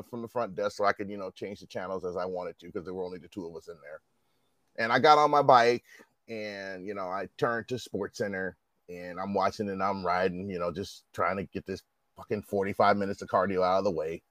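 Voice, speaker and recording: A man's voice: lowish voice, brisk, dry recording. Man, forties, casual chat, profane storyteller, acts out quotes, dry close mic. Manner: animated, swearing, acts out quotes in dialogue.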